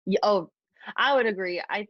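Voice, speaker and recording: A bubbly woman co-hosts a casual podcast, agreeing quickly and giggling often. Her mid-pitched voice is recorded close and dry, with a slightly dull tone. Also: no room sound. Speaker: podcast co-host. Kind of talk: casual chat recapping a reality show. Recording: dry, slightly muffled sound.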